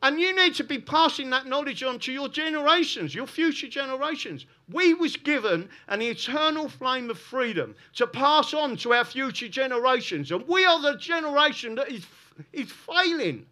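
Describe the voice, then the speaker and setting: A man's voice: very high-pitched, animated, normal speed, hardly any pauses, sharp tone. A middle-aged man with a South London accent giving a fervent, unscripted talk to an audience, peppering his points with "listen" and "right?". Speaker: public speaker.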